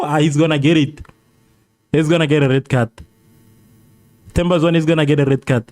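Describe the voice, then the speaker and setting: Excitable South African man, mellow voice. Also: on the high side, brisk, long pauses. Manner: excitable, repeats phrases over and over. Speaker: livestream host. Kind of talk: live football watchalong, reading chat.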